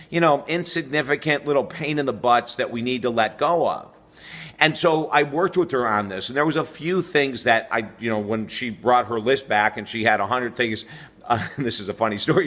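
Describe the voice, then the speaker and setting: Middle-aged male host, bright forceful voice, energetic coaching delivery straight to camera. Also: medium pitch. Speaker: relationship coach and show host. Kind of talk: direct-to-camera advice video.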